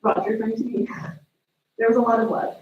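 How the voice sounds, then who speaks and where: Woman, sister giving a memorial eulogy, storytelling, somewhat high voice, distant mic, dull sound. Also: brisk, roomy sound, a little hiss or hum. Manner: storytelling, animated retelling of family moments. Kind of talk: memorial eulogy with family anecdotes. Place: memorial service room.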